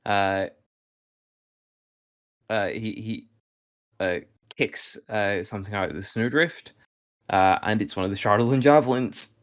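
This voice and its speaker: Male GM, low voice, halting, filler-heavy narration. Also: smooth. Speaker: game master. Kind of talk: narrating a tabletop game.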